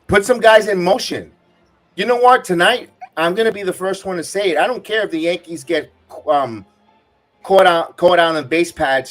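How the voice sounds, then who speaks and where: A man's voice: fairly high pitch, fairly bright tone. A man hosting a live baseball watch-along, ranting and cursing as an irate fan giving game reaction commentary.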